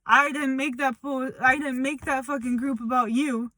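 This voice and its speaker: A woman's voice: high voice, fairly even intonation, moderate pace, pushed and bright, no echo. A young woman speaking bluntly and confrontationally in a personal update vlog, swearing as she calls someone out. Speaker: vlogger.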